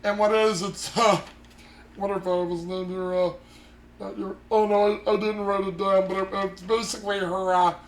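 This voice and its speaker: A man's voice: high-pitched, little pitch movement, normal speed. A man hosting a podcast, casually recapping an anime episode in a rambling way with lots of fillers. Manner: rambling, many fillers and restarts. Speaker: podcast host. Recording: roomy echo.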